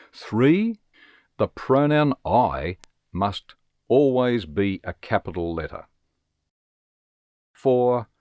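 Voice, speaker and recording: A man with a very deep voice narrates a scripted lesson, his pitch rising and falling with lively emphasis. He explains in a measured, teacherly way and reads examples aloud. The sound is close and dry, with no room echo. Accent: Australian. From Australia. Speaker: teacher giving a webinar.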